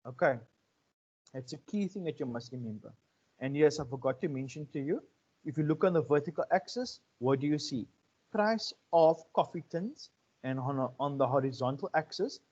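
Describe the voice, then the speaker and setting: A man giving a relaxed economics lecture, often checking in with his students. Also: fairly high pitch. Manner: conversational, checks in with 'right?' and 'okay?'. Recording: muffled lo-fi audio.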